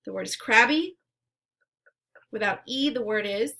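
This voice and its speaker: A woman teacher leading a phonemic awareness lesson, saying words and sounds slowly and clearly, with short words of encouragement between drills. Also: on the high side, bright, forceful tone. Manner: slow, clearly enunciated drills.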